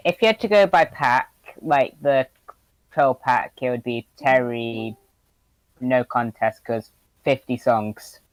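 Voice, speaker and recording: A man's voice: medium pitch, takes it slowly, no echo, poor audio. A man chatting on a podcast, terse and dryly joking. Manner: terse, dry humor. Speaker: podcast co-host. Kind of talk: casual chat.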